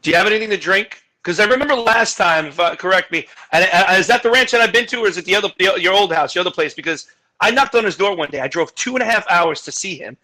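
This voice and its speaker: Male host on a video call, high and bright, loud and teasing. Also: lively intonation, fast, low-quality recording. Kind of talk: casual video-call chat.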